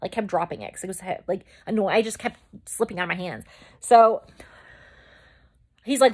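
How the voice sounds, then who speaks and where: Young woman, vlogger, casual storytime, chatty, rambling asides, acts out her own reactions, mid pitch. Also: animated, moderate pace, pauses often, a little mellow, slightly rough. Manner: chatty and rambling, with side remarks and restarts. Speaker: makeup vlogger.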